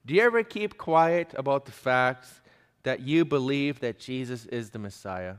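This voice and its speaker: A man's voice: mid-range voice, animated, normal speed, clear, resonant tone. A male preacher giving an emphatic sermon, pressing his listeners with pointed questions. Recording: long hall reverb.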